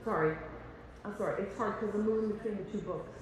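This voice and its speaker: A fast-talking choir conductor with a mid-range voice runs a rehearsal in a large hall, chatty and joking. She sings rhythms on syllables and counts the choir in, captured from a distance amid echo and music.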